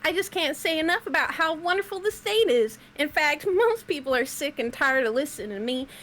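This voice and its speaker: Proud Texas cowgirl, a woman putting it on, high twangy voice. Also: animated, fairly quick, fairly bright tone, slight background noise. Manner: folksy twang, chatty. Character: boastful Texan cowgirl, chatty woman.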